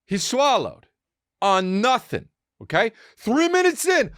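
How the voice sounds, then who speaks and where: A man hosting a podcast, riffing in a rambling comic monologue, excitable and profane, with quick acted asides. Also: very high voice, no echo, studio quality. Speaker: podcast host.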